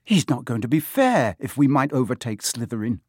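A man's voice: mid-range voice, sing-song, brisk, darkish tone, breathy edge, no echo, clean studio sound. A man voicing an indignant teenage boy who splutters in protest. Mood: outraged. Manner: spluttering, outraged.

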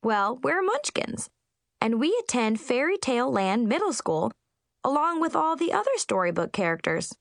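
A woman voicing a cheerful little male Munchkin schoolboy who talks eagerly and excitedly in a storybook reading. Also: a little high, normal speed, gravelly, no echo, studio quality, pitched above the performer's own voice. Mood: explaining.

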